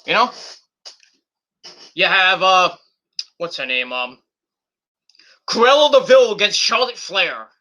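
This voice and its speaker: A man's voice: high voice, expressive, slow pace, pauses often, pushed and bright. A middle-aged man hosting a livestream, ranting casually and profanely with sarcastic mock quotes. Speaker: streamer host.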